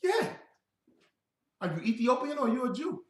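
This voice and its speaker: Man, scripture teacher, loud and joking, lively high voice, roomy echo. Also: normal speed. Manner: loud, joking, calls on listeners to answer. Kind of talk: animated scripture breakdown.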